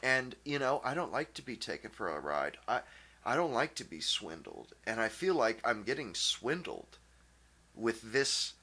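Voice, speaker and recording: A man hosting his own channel, ranting casually in a blunt, profane way, with many halting restarts and fillers. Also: mid-range voice, sing-song, sharp tone, slightly rough. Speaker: channel host. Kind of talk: casual opinion rant.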